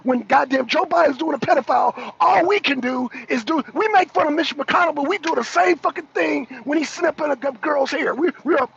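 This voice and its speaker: A man on a political talk show ranting loudly, swearing and repeating himself, sometimes breaking into laughter. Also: very high voice, brisk, gravelly, few pauses. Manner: loud, profane, repetitive ranting. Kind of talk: heated political rant. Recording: dull lo-fi stream audio.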